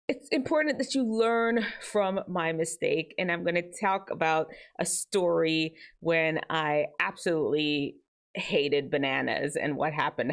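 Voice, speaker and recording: Woman host, teen advice talk, very expressive swoopy pitch, chatty. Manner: animated, chatty, jumps between high and low tones. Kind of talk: casual advice talk to teens.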